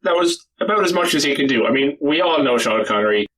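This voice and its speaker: A man's voice: fairly high pitch, lively intonation, quick pace, a bit bright, poor audio. A young Irish man co-hosting a podcast in casual chat, teasing with dry jokes. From Ireland. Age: young adult. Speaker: podcast co-host.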